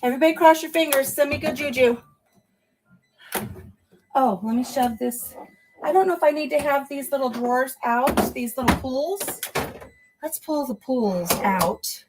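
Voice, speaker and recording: Cleaning out her fridge at home, a woman chats casually with her livestream audience, a little short of breath. Her high voice moves at a moderate pace with long pauses, and the background is noisy.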